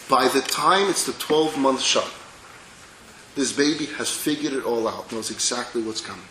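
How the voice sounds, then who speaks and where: A man, a rabbi, gives a religious lecture with dramatic storytelling, sometimes dropping to soft, intimate tones. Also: mid-range voice, background noise. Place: lecture hall with an audience. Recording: echoey lecture hall.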